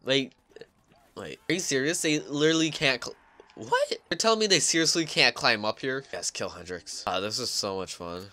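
Guy yelling through his gameplay, super bright sharp voice, jokey and jumpy. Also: medium pitch, fairly quick. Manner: excitable, yelps and shrieks when startled; jokey, self-mocking asides. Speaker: gaming YouTuber. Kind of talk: gameplay commentary.

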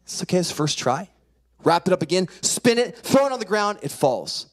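A man's voice: sits high, sing-song, normal speed. A man, a pastor, preaching a sermon by telling a personal story and acting out the voices in it. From California. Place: church sanctuary.

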